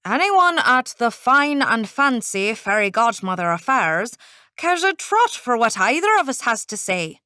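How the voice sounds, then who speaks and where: Woman doing a gruff Irish leprechaun. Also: fairly high pitch, very animated, a little slow, bright, forceful tone, dry recording, studio quality, exaggerated voice. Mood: grumbling. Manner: grumbling, blunt. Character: tiny male leprechaun, gruff and cheeky.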